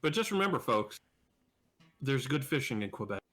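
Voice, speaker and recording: A man's voice: mid-range voice, big pitch swings, normal speed, fairly bright tone. A man co-hosting a podcast, joking around and speaking to listeners as "folks". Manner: joking, talks to the audience as "folks". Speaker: podcast co-host. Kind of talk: casual chat.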